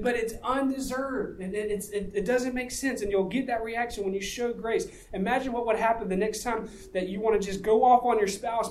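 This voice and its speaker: A man's voice: sits high, a little mellow, a little hiss or hum, low-quality recording. A man preaching a sermon, reading scripture and explaining it in a conversational way, asking the audience rhetorical questions. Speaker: pastor.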